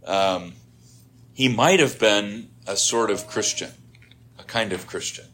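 A man's voice: lowish voice, slow, a bit bright, slight background noise. A middle-aged man preaching a sermon in a conversational teaching manner, rising to emphatic points.

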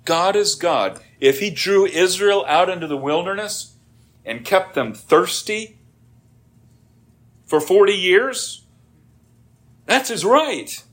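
A man's voice: high voice, animated, slow, long pauses, fairly bright tone. A middle-aged man preaching a sermon as pastor, acting out quoted grumbling and prayers in a dramatic way.

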